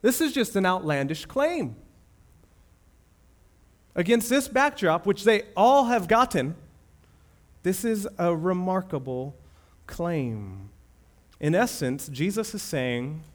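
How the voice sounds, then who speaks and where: A man preaching a sermon as pastor, moving between loud emphatic declarations and hushed, reverent passages. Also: sits high, big pitch swings, slow, pauses often.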